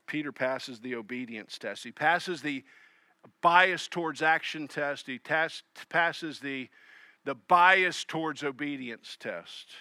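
A man preaching with a bright, slightly high voice. He acts out the people in his text, pushing hard on key phrases and then dropping to soft, low asides. The sound is dry and close. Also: slow pace, dry recording. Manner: animated, acts out voices of Jesus and Peter; swings between loud emphasis and soft low asides. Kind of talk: sermon.

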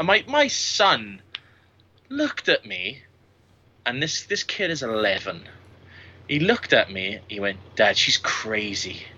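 A man's voice: a little high, sharp tone, lo-fi sound. A man in his late thirties, a podcast guest, telling crude, boastful anecdotes full of swearing in casual chat. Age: 30s. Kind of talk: casual storytelling.

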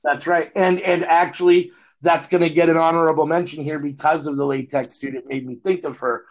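A man co-hosting a casual podcast, his voice gravelly and sitting a bit high. He rambles and pauses on fillers, restarting his thoughts. The sound is dull and lo-fi, as if picked up through a phone. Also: fairly even intonation. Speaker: podcast co-host. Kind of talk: casual chat.

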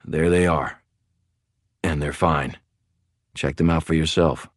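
A man voicing a weak, injured young male vampire who speaks feebly and quietly in a deep voice. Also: steady tone, slow pace, dry recording, clean studio sound. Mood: weary.

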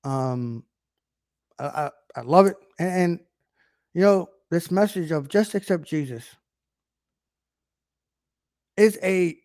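A man's voice: a little high, a little mellow, no room sound, studio quality. A man giving an informal video sermon, emphatic, often checking in with rhetorical questions. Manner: emphatic, keeps asking "right?". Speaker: online preacher.

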